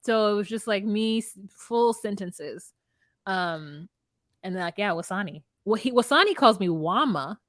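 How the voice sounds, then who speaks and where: A woman co-host talks casually and firmly, giving opinions with quick asides. Her voice is recorded dry and close, with no room sound. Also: medium pitch, expressive, a bit bright, no echo. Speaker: podcast co-host. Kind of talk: casual recap chat.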